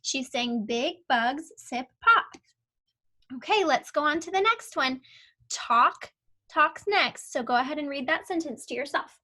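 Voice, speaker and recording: A young woman teaching an online phonics lesson to young children, patient and clear as she sounds out words and spells letters one at a time. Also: high voice, lively intonation, normal speed, bright, forceful tone. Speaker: kindergarten teacher.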